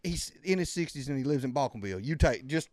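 A man's voice: mid-range voice, lively intonation, fast, darkish tone, no echo, clean studio sound. A man, trash-talking and laughing in casual podcast chat. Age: late 30s.

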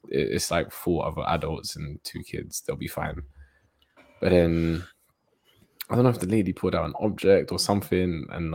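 A young man telling a story in a casual podcast chat from his bedroom, animated and breaking into laughter. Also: low-pitched, no echo. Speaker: podcast co-host. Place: home bedroom.

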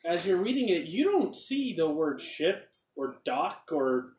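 A man's voice: a little high, sing-song, unhurried, darkish tone, far from the mic, a little hiss or hum. A man narrating as game master in a rambling, hesitant way. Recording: roomy echo, off-mic.

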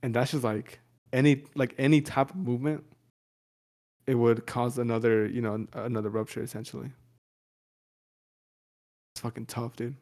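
A man's voice: flat delivery, normal speed, long pauses, a little mellow. A man co-hosting a podcast in crude, casual banter, laughing often and joking loosely. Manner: laughs often, loose and joking, slips into silly high voices. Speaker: podcast co-host.

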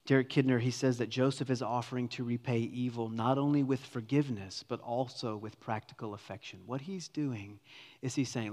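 A man's voice: medium pitch, fairly even intonation, a little fast. Dynamic male pastor in a reverberant hall. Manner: dynamic preaching, swinging from loud emphasis to hushed near-whispers. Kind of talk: sermon. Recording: long reverb of a large hall.

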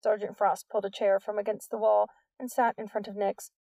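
Woman narrator, gravelly voice, dry and a bit far from the mic. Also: medium pitch, level tone, fairly quick, mellow, dry recording. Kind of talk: audiobook narration.

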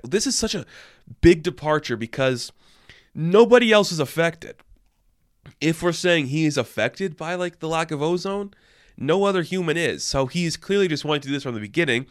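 A young man recapping a movie in a casual, rambling and excitable way, often incredulous and breaking off mid-sentence. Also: on the high side, moderate pace, no echo, studio quality. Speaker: movie reviewer.

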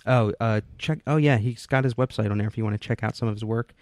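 A man's voice: mid-range voice, quick pace, darkish tone, dry recording, studio quality. A man co-hosting a casual podcast, reading out listener mail and laughing often. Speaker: podcast co-host. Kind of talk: casual chat.

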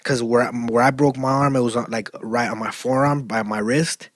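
A man talks through a story in loose, profane slang, restarting sentences and piling on filler words. His voice is slightly husky, and the recording is dry and close. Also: mid-range voice, moderate pace, dry recording. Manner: profane slangy storytelling, grows loud and animated. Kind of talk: casual chat.

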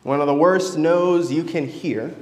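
A man's voice: on the high side, unhurried. A man preaching a sermon, telling a story and acting out its voices. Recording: echoey church hall.

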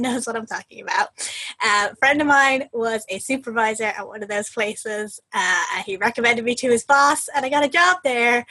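A woman's voice: fairly high pitch, pushed and bright, husky. A young woman in her twenties, co-hosting a podcast in chatty, casual talk and laughing often. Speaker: podcast co-host. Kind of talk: casual chat.

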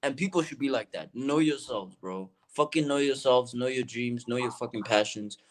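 A man's voice: medium pitch, normal speed. A young man, a rapper guest, talking earnestly in a casual interview, full of slang and often saying bro.

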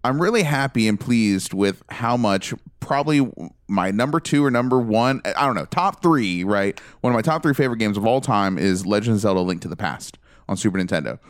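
Man, podcast co-host, emphatic, low voice, dry sound. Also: animated, brisk, no room sound. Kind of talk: casual chat.

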